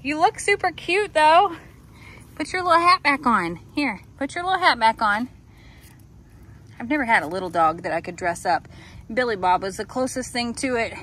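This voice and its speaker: A woman's voice: on the high side, animated, normal speed, a bit bright, a little hiss or hum. A woman outdoors filming her goats in Halloween costumes, chatting casually and talking to them in affectionate baby talk. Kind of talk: casual vlog talking to animals.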